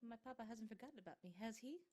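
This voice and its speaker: Woman doing a high bubbly cat girl, sweet and excitable, game character. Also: rapid-fire. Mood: eager.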